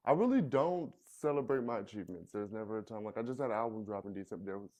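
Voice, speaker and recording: A man's voice: fairly low pitch, lively intonation, fast, darkish tone. A man who is a musician, talking in a laid-back, joking way on a podcast and trailing off now and then. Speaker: musician guest. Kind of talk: casual chat.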